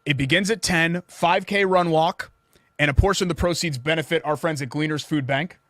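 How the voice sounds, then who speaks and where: A chatty, animated man co-hosts a studio sports show. His voice sits a little high for a man. It is recorded close on a desk mic with a dry, dead sound. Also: fairly quick, dry recording. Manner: chatty, animated, jokingly indignant. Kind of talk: casual sports talk with a sponsor read.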